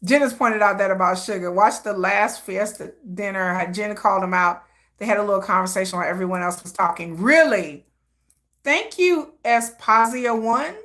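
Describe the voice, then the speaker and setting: A woman of medium pitch and moderate pace runs a casual livestream chat. Conversational and full of slang, she laughs a lot between thoughts and keeps up animated side comments.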